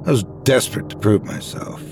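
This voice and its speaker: A man telling a horror story in a dramatic, expressive scripted narration. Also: fairly low pitch, brisk, gravelly, music in the background.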